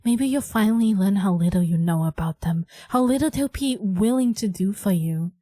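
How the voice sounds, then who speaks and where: A strict, worried middle-aged mother from a narrative game, read out by a woman. She nags and lectures at an even pitch. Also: moderate pace, no echo, lightly acted. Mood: stern. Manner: nagging, lecturing.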